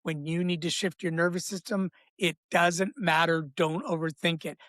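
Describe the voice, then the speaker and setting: A man's voice: a little high, normal speed, dry recording. Emphatic man coaching breathwork, dry sound. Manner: emphatic, repetitive teaching cadence; animated, acts out inner voices. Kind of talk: podcast interview, explaining.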